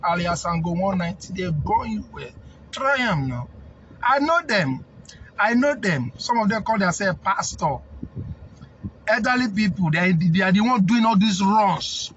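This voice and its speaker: High-voiced Nigerian man ranting defiantly. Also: fairly bright tone, muffled recording, a little hiss or hum. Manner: defiant, preachy, repeats phrases for emphasis. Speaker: snail farming consultant. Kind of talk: impassioned rant to camera.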